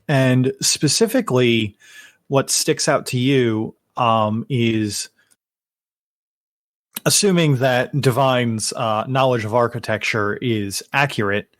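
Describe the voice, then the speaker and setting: A man narrating as game master, unhurried, with frequent fillers and self-corrections. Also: mid-range voice, no room sound, clean studio sound.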